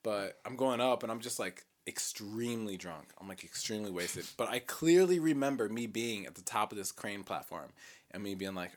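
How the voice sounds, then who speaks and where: A man's voice: on the low side, expressive, moderate pace. A young man telling a long, rambling story among friends, full of swearing and filler words. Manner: rambling, profane, full of "like" and "bro".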